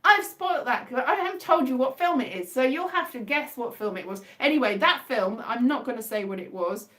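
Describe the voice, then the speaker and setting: A woman's voice: fairly high pitch, lively intonation, brisk, fairly bright tone. A woman chatting casually on a livestream, rambling and self-mocking with a wry tone. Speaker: livestream host.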